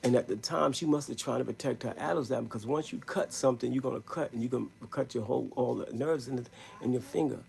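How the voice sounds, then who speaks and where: A man telling a rambling story in a live stream, in emphatic street slang, with a gravelly, husky voice. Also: medium pitch, quick pace, a little mellow.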